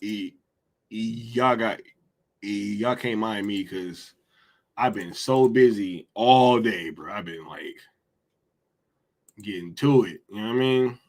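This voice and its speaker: A man's voice: fairly low pitch, takes it slowly, long pauses. A man hosting a casual livestream, chatting in slang, reading viewer comments aloud and laughing often. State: hungry after a long day. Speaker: livestream host.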